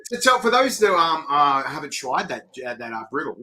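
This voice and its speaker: A middle-aged Australian man hosting a casual live-stream interview, rambling excitably and reading viewer comments aloud. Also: fairly high pitch, a little fast. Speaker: host.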